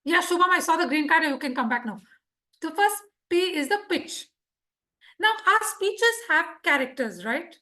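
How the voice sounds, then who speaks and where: A woman teaches public speaking to a live club, her voice high and bright with a husky edge. She keeps a lively, teacherly rhythm and keeps checking that her listeners follow. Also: moderate pace. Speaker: Toastmasters speaker teaching speech craft. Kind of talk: live instructional talk to a club.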